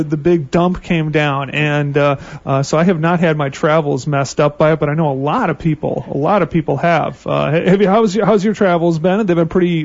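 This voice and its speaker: A man's voice: a little high, darkish tone, dull audio. A man co-hosting a casual radio talk show, chatty, laughing often and restarting his sentences. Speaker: co-host.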